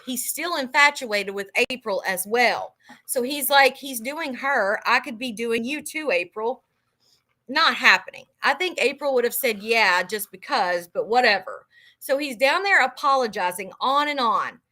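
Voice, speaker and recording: Woman live-stream book host, higher voice, bright and forceful, reads aloud and cusses freely. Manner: casual and profane, reacting loudly between passages.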